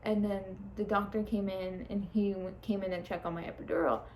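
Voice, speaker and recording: A woman's voice: mid-range voice, fairly even intonation, a little fast, darkish tone, rough recording. A young woman casually telling a personal story, chatty, laughing often and swearing freely. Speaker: vlogger. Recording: faint background noise.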